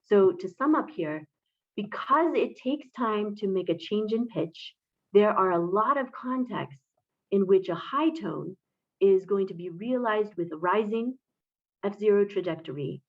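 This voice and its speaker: A woman presenting a recorded academic conference talk, explaining step by step in a measured way with frequent filler sounds. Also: mid-range voice, expressive, muffled recording.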